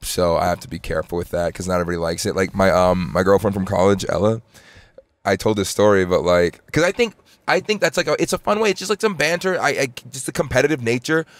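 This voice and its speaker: A man's voice: lively intonation, quick pace, no room sound. A young man in his twenties, co-hosting a podcast in casual chat, telling stories and acting out what people said. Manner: storytelling, acts out quoted lines with jumps in pitch. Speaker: podcast co-host.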